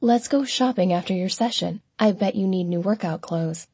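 Lady reading as a teary mom playing it cool, soft and soothing, low warm tone, husky edge. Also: normal speed, no room sound. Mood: coaxing. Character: tearful middle-aged mother brushing off trouble.

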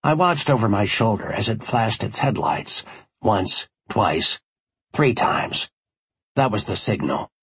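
Husky male audiobook narrator. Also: on the low side, big pitch swings, takes it slowly, fairly bright tone, no echo. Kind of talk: first-person audiobook narration.

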